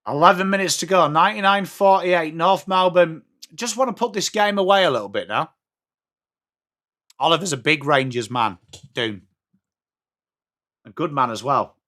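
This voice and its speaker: A man's voice: a little high, animated, normal speed, pauses often, a bit bright. An English man hosting a live sports watch-along stream, calling the play and chatting to viewers in between. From England. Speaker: livestream host.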